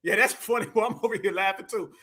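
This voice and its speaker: Guy ranting on a livestream, really high voice, bright and punchy, preachy repeats. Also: quick pace. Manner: emphatic, preachy, repeats phrases for effect. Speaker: livestream commentator. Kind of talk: heated live commentary.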